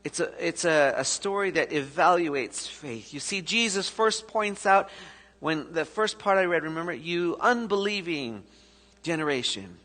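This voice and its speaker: A man preaching a sermon as pastor, telling the story with sudden shifts between loud and soft. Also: a little high, moderate pace. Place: church sanctuary. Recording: echoey church hall.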